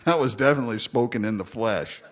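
A man's voice: medium pitch, quick pace. A man preaching a sermon in a joking way, acting out the story in voices. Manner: animated, joking, acts out the lines in voices. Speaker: pastor. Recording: dull, lo-fi sound.

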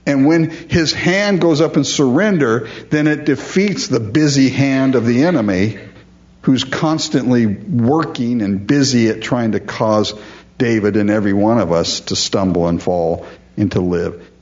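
A man's voice: on the low side, darkish tone, dull audio. A man preaching a sermon, earnest and emphatic, often calling his listeners folks. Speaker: pastor.

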